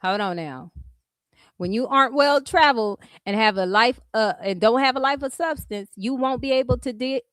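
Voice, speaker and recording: A Californian woman delivers a blunt, sassy commentary rant, swearing freely as she talks straight to her viewers. Her voice sits a little on the high side, and the sound is dry and close with no room echo. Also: normal speed, fairly bright tone. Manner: blunt, profane and sassy, addressing viewers as "y'all". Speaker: commentary streamer.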